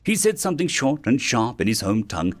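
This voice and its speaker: A man narrating a science-fiction story in an expressive storytelling manner. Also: medium pitch, a little fast. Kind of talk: scripted sci-fi story narration.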